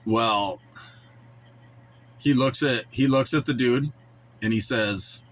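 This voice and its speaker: A man's voice: mid-range voice, slow, long pauses, fairly bright tone, low-quality recording. A man in his forties telling a story in a blunt, colloquial, casual way. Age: 40s. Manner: blunt, colloquial, acts out quoted voices. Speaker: vlogger.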